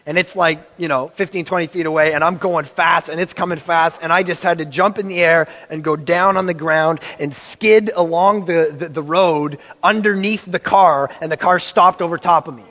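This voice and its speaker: Male preacher, high voice, animated storyteller, acts out quotes, reverberant hall. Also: moderate pace. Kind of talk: sermon with personal story.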